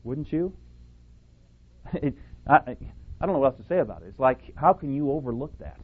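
Male preacher, emphatic, a bit sarcastic; narrow phone-like sound. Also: medium pitch. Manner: emphatic, sarcastic, quotes and rebuts opponents. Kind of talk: radio Bible teaching. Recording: tinny phone-like audio.

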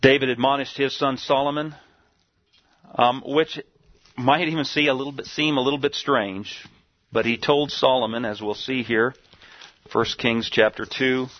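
A man preaching a sermon and reading scripture aloud, slowing down to stress key words. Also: medium pitch, steady tone, no room sound. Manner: slow emphatic scripture quoting, some restarts. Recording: dull dry lo-fi recording.

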